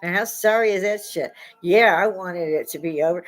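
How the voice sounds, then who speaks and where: A woman's voice: lowish voice, moderate pace, soft background music, rough recording. A woman in her sixties from the United States, delivering a blunt, profane, riled-up opinion monologue with sudden outbursts. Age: 60s. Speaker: vlogger.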